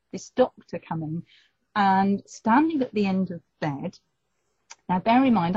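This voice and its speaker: A middle-aged woman, telling a personal story in an interview and lively acting out the voices of the people in it. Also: medium pitch, slightly rough, dry recording. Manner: animated storyteller, acts out quoted voices. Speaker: guest telling her story. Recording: dull lo-fi recording.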